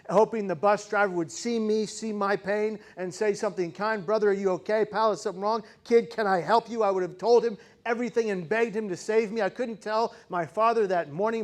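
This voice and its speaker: A man with a high voice delivers a speech to a live audience, telling a gripping personal story. His delivery is dramatic, rising to intense peaks and then dropping to hushed, slow emphasis. He often turns to the crowd with rhetorical questions. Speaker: keynote speaker.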